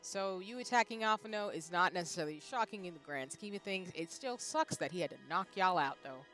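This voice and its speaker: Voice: medium pitch, expressive, brisk, pushed and bright. A streamer in their thirties giving casual commentary while playing a game, chatty and talking back to the characters on screen. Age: 30s. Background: faint background music.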